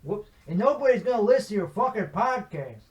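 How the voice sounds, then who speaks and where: A man's voice: sits high, sing-song, a little fast, breathy edge. A young man with a put-on Chicago accent hosting a solo comedy podcast, ranting in a rambling, profane, mock-bravado way. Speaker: podcast host.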